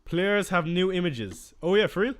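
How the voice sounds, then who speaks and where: A man's voice: high voice, animated, normal speed. A young man chatting casually on a live stream, reading out and answering viewer questions as he goes.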